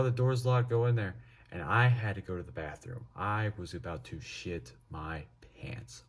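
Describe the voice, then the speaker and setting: Low husky young man telling a story. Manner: profane, animated storytelling. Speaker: vlogger. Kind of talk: casual storytime.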